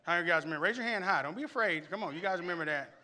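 A man preaching a sermon in church and telling animated stories, often restarting his sentences and throwing questions out to the congregation. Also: sits high, rapid-fire. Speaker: pastor.

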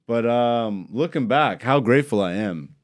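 A man's voice: medium pitch, lively intonation, a little slow, no room sound. A man hosting a podcast in a studio, talking in a loose, rambling, joking way. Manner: rambling, joking, laid-back. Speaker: podcast host. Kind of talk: casual podcast chat. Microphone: studio microphone.

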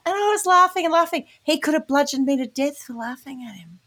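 A woman's voice: sits high, lively intonation, fairly quick, a bit bright. A woman co-hosting a casual chat, telling blunt, funny stories with lots of laughter. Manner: laughing storyteller, blunt humor. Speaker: podcast co-host.

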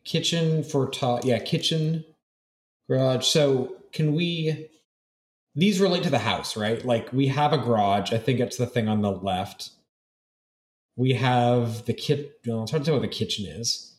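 A man's voice: medium pitch, measured pace. A man playing as a guest in an audio puzzle game, working through clues aloud with frequent restarts. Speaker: guest player. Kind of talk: casual game chat. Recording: roomy echo.

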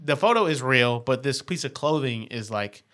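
Casual podcast co-host, man, jokey and rambling, mid-pitched voice. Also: animated, moderate pace, fairly bright tone. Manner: loose, joking, trails off and restarts. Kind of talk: casual group chat.

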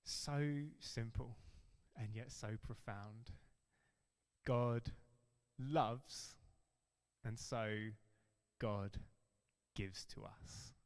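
A man preaching a sermon as pastor, earnest and emphatic, stressing key phrases slowly. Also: medium pitch, steady tone, in a large hall.

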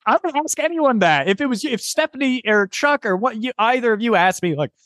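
A man's voice: extremely high pitch, brisk, no echo, clean studio sound. A young man co-hosting a casual podcast, telling a story with acted-out dialogue and lots of swearing. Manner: animated, profane, exasperated storytelling with acted-out dialogue. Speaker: podcast co-host.

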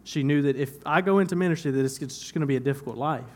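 A man's voice: fairly high pitch, rapid-fire, a little mellow. A young man preaching a sermon in church, talking conversationally, repeating phrases for emphasis and laughing at himself now and then. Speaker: pastor.

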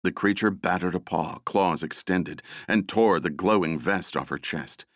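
A man narrating an action novel as an audiobook, dramatic and expressive. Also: sits low, a little slow, no room sound, studio quality. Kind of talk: scripted narration.

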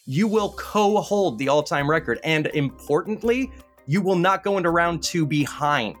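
A man's voice: fairly high pitch, faint music behind. A man hosting a word game podcast, keeping score and teasing the players. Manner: animated, teasing, rapid bursts of scorekeeping. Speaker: game show host.

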